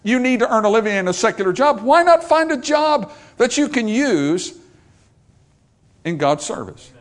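A man's voice: very high voice, sing-song, moderate pace. An older man preaching a sermon as pastor, emphatic and repetitive, driving points home with rhetorical questions.

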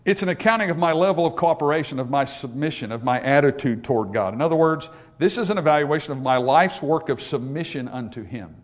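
A man preaching a sermon, emphatic, rising to loud, raised passages and dropping to quiet asides, reading scripture in old-fashioned wording. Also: on the high side, lively intonation, quick pace, hardly any pauses.

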